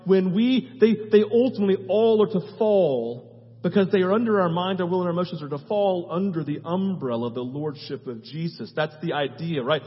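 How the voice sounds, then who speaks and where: High-voiced preacher in an echoing hall. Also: male voice, brisk. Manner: emphatic, repeats lists, tags phrases with "right?". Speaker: pastor. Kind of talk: sermon. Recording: long hall reverb, dull sound.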